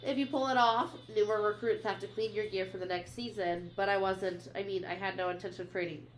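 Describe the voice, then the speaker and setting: A woman's voice: medium pitch, steady tone, fairly quick. Young woman podcast host, chatty book recap, faint hum behind. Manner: retells scenes, reading quotes aloud, many "she's like" fillers. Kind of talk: casual book recap chat.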